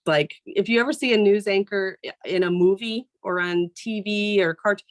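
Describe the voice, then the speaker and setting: A woman who reads the morning news on TV talks to a group in a relaxed, plain-spoken way. Her voice sits at an ordinary pitch for a woman. She speaks like a real person rather than a formal newsreader, and often checks in with "right?". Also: moderate pace. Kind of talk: casual motivational talk to a group.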